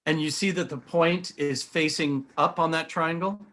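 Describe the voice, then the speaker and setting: A man's voice: on the high side, fairly even intonation, normal speed, fairly bright tone. A middle-aged man with a slightly raised voice explains shapes in an earnest, eager way. He talks as he shows models, pointing things out as he goes, like a guest in a conversation. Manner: earnest, enthusiastic, demonstrative. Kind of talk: animated explanation while showing models.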